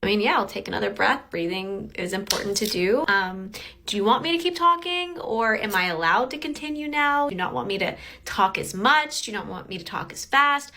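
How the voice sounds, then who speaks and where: A woman telling a dating story into her phone, talking fast by her own account. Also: mid-range voice, expressive, sharp tone, slight background noise. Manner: fast-talking, self-described. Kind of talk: storytime video.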